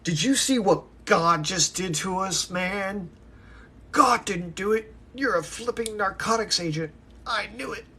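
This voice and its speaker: A man's voice: high voice, unhurried, sharp tone, slight background noise, pitched above the performer's own voice, exaggerated voice. A man doing a frantic, paranoid film character. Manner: agitated, accusing.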